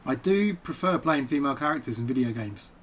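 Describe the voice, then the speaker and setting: A poet and game streamer sits at his home computer, chatting casually over gameplay to a live-stream audience through a desk microphone. His mid-pitched, husky voice is conversational, animated and a little fast, and he rambles easily from topic to topic.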